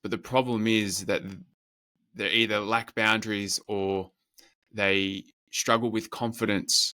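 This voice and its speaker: A man who works as a men's coach, talking earnestly and in measured lists as a podcast guest. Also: on the low side, steady tone, pushed and bright. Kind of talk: reflective interview talk.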